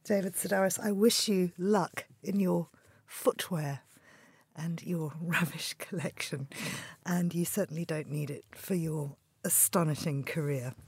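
Measured low-voiced woman presenter. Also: gravelly, a little mellow, slightly rough, no echo. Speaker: interviewer and host. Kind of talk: scripted radio sign-off.

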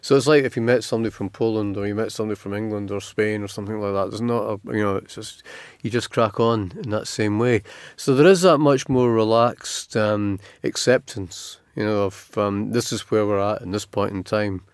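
A man's voice: fairly low pitch, fairly even intonation, a little fast, clear, resonant tone, no room sound. A middle-aged Scottish man giving long reflective interview answers, full of fillers and restarts. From Scotland. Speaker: writer, interview guest.

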